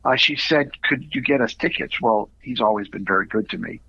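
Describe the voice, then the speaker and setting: A middle-aged man, an actor being interviewed, telling animated stories with quick asides. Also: mid-range voice, vocal fry, slightly rough, no echo. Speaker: actor guest. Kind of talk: casual interview storytelling. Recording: dull lo-fi audio.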